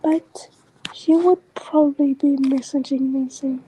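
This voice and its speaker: A woman vlogger talking in a casual, rambling monologue that often drifts into soft whispers. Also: sits high, fairly even intonation, unhurried, slight background noise, low-quality recording.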